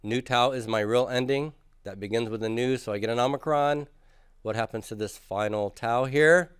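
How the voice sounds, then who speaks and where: A man's voice: mid-range voice, normal speed, smooth, no room sound, studio quality. Patient man teaching a grammar lecture. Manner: patient, drills students in chanted repetition. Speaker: Greek teacher. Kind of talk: classroom lecture.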